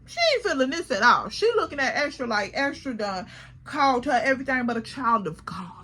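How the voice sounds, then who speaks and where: Animated high-voiced woman storyteller. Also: a little fast. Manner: animated, slangy, addresses viewers directly. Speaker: YouTuber telling a storytime. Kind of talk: casual storytime.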